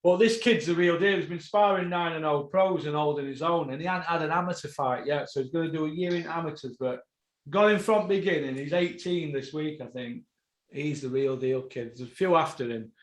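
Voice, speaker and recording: A man hosting a boxing podcast, ranting, swearing and bursting into shouts. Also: on the high side, fairly quick, reverberant.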